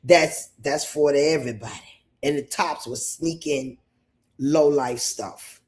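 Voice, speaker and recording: A New York State man hosts a livestream, airing his opinions in a rambling, emphatic style and repeating himself often. His voice is on the high side with a darkish tone, and he speaks at a measured pace.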